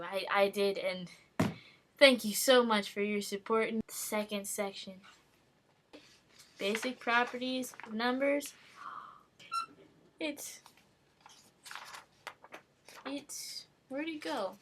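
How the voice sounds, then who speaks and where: A woman's voice: fairly high pitch, takes it slowly, long pauses, fairly bright tone, a little hiss or hum. Rambling, giggly young woman vlogger. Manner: rambling, self-mocking, giggly. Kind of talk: casual webcam monologue.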